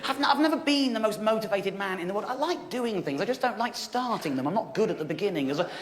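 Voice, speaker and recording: A man's voice: high-pitched, animated, quick pace. A man in his thirties telling a stand-up comedy story, wry and exasperated, mocking himself as he goes. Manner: wry, exasperated, self-mocking delivery with frequent laughter. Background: audience laughter.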